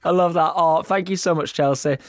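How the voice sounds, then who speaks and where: A man's voice: a little high, fairly even intonation, fairly quick. A man co-hosting a podcast in casual chat, jokey and laughing often, sometimes stumbling over words. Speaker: podcast co-host.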